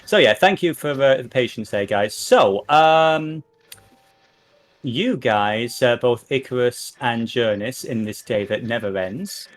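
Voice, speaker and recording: A man running a tabletop game as game master, narrating in an unhurried way with many fillers. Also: mid-range voice.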